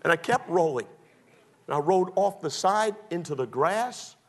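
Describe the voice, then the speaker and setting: A male pastor with a high-sitting voice preaches at a moderate pace, building his sermon from personal stories. He swings between loud, excited bursts and hushed confessions.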